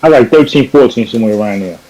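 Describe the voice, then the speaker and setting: A man's voice: medium pitch, rapid-fire, warm tone, lo-fi sound. A man from New York on a video call, telling a story in a casual panel chat and correcting himself as he goes. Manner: rambling, self-correcting storyteller.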